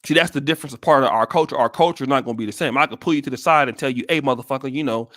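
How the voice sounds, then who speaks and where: A man's voice: medium pitch, racing, a bit bright, dry recording, studio quality. An American man giving blunt, profane commentary on a live stream, with many restarts. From United States. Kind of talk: casual livestream commentary.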